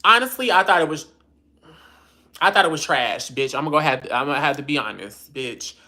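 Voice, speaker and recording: A woman's voice: low voice, expressive, fairly quick, pushed and bright. Sassy, profane woman on a livestream. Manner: reads viewer comments aloud and answers them. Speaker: livestream host. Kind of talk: casual livestream chat.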